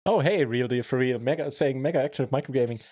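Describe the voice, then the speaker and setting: A man's voice: medium pitch, quick pace, darkish tone, breathy edge. A man streaming online poker, chatting casually and politely thanking his viewers.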